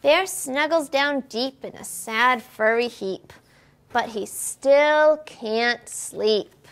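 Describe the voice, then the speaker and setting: During a library storytime, a children's librarian reads aloud from a picture book, very slowly and in a smooth voice on the high side. Her reading is expressive and sing-song, with questions put to the children.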